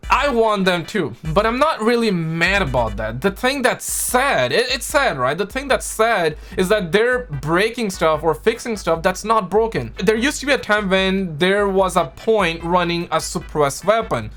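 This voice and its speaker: A young man excitedly reacting to a gaming video, joking and mimicking voices. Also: high-pitched, measured pace, few pauses, soft background music. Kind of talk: casual reaction commentary.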